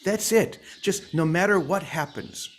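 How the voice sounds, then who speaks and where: A man imitating a kind woman friend who gives simple, gently insistent advice about love. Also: high voice, unhurried, voice pushed up. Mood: earnest.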